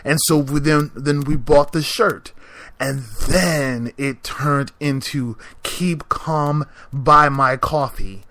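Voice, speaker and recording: A man's voice: on the high side, slow pace, a bit bright, no echo. A man hosting a podcast, delivering a sassy, exasperated rant with mocking little impressions. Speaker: podcast host. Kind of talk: ranting monologue.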